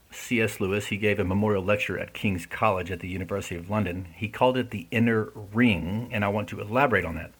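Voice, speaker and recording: A man's voice: fairly low pitch, a bit bright, breathy edge. A man speaking in an earnest, conversational way, often checking in with his listeners. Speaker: speaker discussing an essay. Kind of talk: casual reflective talk.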